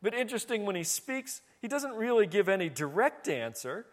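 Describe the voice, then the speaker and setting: A man's voice: high-pitched, sing-song, normal speed. A middle-aged man preaching a sermon as pastor, earnest and conversational.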